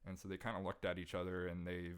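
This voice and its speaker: A man's voice: low voice, monotone, fast, smooth. Earnest young man retelling a story. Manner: earnest, emotional retelling with frequent restarts. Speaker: podcast guest, jazz saxophonist. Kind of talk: casual storytelling in conversation.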